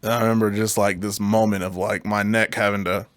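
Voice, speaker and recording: A man co-hosting a podcast, telling an animated, profane story in a casual chat. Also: on the low side, a little fast, no room sound. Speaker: podcast co-host.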